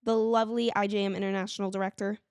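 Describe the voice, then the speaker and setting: A woman's voice: mid-range voice, little pitch movement, racing, darkish tone, clean tone, no room sound, studio quality. A woman co-hosting a podcast, telling a story animatedly and laughing, squealing when she quotes herself. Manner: laughs while telling stories. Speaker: podcast co-host. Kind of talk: casual chat.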